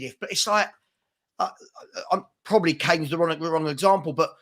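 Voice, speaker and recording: A high, bright-toned man hosts a casual live stream, his voice cutting through sharply. He talks in quick, exasperated bursts, throwing in mock-outraged asides. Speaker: host of a live fan chat show.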